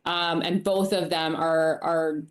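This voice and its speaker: Low-voiced woman, brisk and informed. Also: fairly even intonation. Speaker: candidate. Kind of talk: interview answers.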